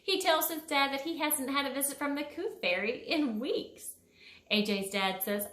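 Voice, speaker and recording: Woman storyteller, children's storybook reading, fairly high voice, echoey room. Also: normal speed. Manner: expressive, with big high jumps on sound words. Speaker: storyteller for a school.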